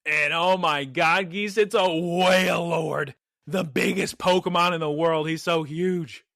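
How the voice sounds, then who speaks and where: Animated high-voiced man retelling an episode. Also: measured pace, gravelly, no room sound, clean studio sound. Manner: animated storytelling, voices quotes. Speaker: podcast host recapping an episode. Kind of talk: casual chat.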